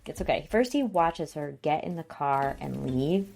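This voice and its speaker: A woman's voice: sits low, expressive, normal speed, vocal fry, a little mellow. A woman co-hosting a podcast, recapping a TV episode in casual chat and acting out scenes with little voices and sounds. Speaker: podcast co-host.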